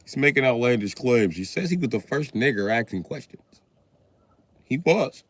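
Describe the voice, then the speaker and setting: A man's voice: mid-range voice, lively intonation, moderate pace, no echo. A man live-streaming in casual chat, talking to his viewers in a sarcastic, profane, mock-serious way. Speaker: livestreamer.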